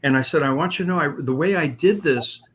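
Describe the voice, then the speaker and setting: A paranormal investigator guest rattles through his personal stories at a fast clip, his fairly high voice carrying a breathy edge. He rambles casually, leaning on fillers and repeatedly restarting sentences.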